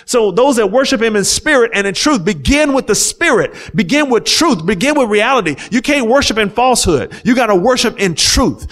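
A man's voice: high-pitched, fairly bright tone. A man preaching a sermon, reading scripture aloud and explaining it with rising fervor. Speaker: pastor.

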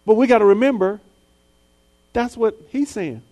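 Delivering a sermon at an ordinary pace, this male pastor shifts between hushed, low passages and loud, high ones. He also performs the voices of characters from his stories.

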